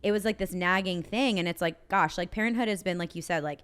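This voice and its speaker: A young woman talks through a casual podcast conversation in a slightly low voice. She is open and emotional, and her sentences are full of "like" fillers. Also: quick pace, a bit bright, smooth. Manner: chatty, frequent "like" fillers, emotional. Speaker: podcast co-host. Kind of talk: casual chat.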